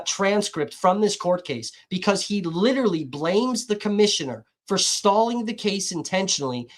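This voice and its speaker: A woman live streaming, swearing constantly in an irritated, combative rant. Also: mid-range voice. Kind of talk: livestream rant.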